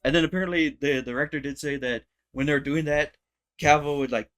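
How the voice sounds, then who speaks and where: A man's voice: on the high side, fairly even intonation, a little fast, a bit bright. Blunt, swearing man in casual chat. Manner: blunt, profane, chimes in often. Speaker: podcast co-host.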